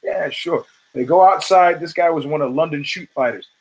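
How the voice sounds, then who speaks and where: A man from the United States hosts a casual monologue, swearing freely and acting out the voices in his stories. His voice sits a little higher than most men's, and he talks with animated energy. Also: normal speed, husky, poor audio. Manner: profane, animated storyteller who acts out quotes. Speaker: show host.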